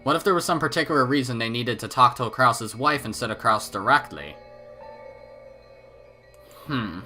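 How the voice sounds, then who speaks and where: A man narrates a visual novel in a lively, animated voice with bright, forceful delivery. Faint game music plays behind him. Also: medium pitch, fairly quick. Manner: expressive, animated reading. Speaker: let's play narrator. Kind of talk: reading a visual novel aloud with commentary.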